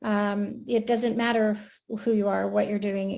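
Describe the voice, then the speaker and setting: A woman's voice: medium pitch, level tone, moderate pace, gravelly, a little mellow. A woman speaking as a panelist, earnest and encouraging. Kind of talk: casual panel chat.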